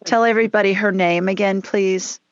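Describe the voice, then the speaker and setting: A woman's voice: mid-range voice, steady tone, normal speed, no room sound, lo-fi sound. A woman hosting a psychic call-in radio show, chatty and down-to-earth, with folksy phrases. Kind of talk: call-in show, casual and reassuring.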